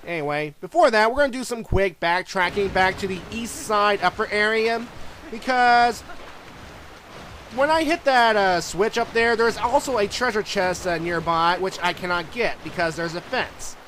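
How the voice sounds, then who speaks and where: A man with a high voice talks over gameplay as a let's play host. He rambles through his commentary and often groans in disgust. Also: moderate pace, a bit bright.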